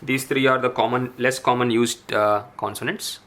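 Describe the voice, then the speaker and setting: A man teaching a language lesson, patiently repeating each syllable and pausing with frequent "uh"s. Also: mid-range voice, steady tone, a bit bright. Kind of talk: explaining a writing lesson.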